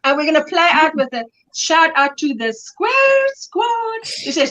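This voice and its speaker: A woman's voice: high-pitched, measured pace, muffled recording. A middle-aged woman with a South African accent, hosting a casual livestream chat and telling stories with frequent laughs. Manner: animated storytelling, laughs often. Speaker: livestream host.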